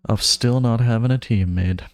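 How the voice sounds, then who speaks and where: A man's voice: medium pitch, normal speed, soft background music. A young man from Germany, giving wry, self-mocking running commentary while streaming a game. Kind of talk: casual gameplay commentary.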